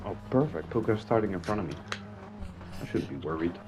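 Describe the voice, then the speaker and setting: A man's voice: deep voice, lively intonation, fairly quick, over music. A man from the Netherlands joking dryly with friends during an online race. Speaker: gaming guest. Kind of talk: casual gaming chat.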